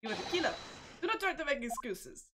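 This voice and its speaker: A woman putting on a gruff Russian-accented interrogator. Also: high voice, very animated, fast talker, heavy background noise. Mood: accusing. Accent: mock Russian. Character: stern Russian-accented male ship interrogator.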